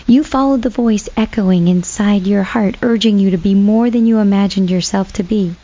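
A woman voicing a gentle, wise male dolphin who guides and reassures, speaking slowly and calmly. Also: mid-range voice, dull audio, lightly acted. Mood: calm reassuring. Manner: slow, calm, reassuring.

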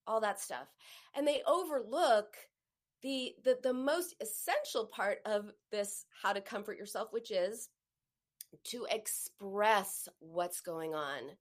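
A woman's voice: mid-range voice, lively intonation, slow pace. A middle-aged woman coaching on emotions in a live teaching talk, acting out sighs and inner voices as she explains.

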